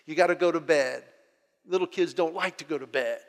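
A middle-aged man delivers a sermon from the pulpit, his voice pitched high. He tells family stories and slips into his children's voices, and the sound carries with the long reverb of a large hall. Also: fairly quick. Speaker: pastor.

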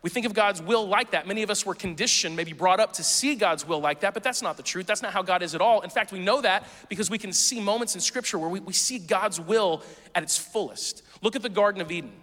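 A man preaching a sermon as pastor, conversational and playful, with quick asides to the congregation. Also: high-pitched, fairly bright tone. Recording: long hall reverb.

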